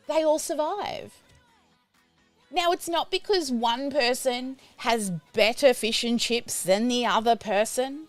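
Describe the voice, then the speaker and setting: A middle-aged woman coaching her audience over a livestream, bubbly and loud, bursting with energy. Her voice sits a touch high and sounds close and dry. A faint bed of music plays underneath. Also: dry recording. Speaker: business coach. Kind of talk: livestream teaching.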